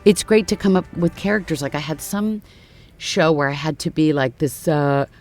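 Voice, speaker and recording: A woman voice actress chatting casually as a podcast guest. She talks in a lively, storytelling way and keeps jumping into little character voices to act out her stories. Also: low voice. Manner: animated storyteller who slips into character voices. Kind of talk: casual interview chat.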